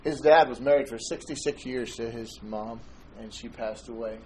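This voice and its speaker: A man's voice: medium pitch, normal speed, darkish tone, a little hiss or hum, poor audio. A man preaching a sermon in church, conversational and joking, telling anecdotes. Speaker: pastor.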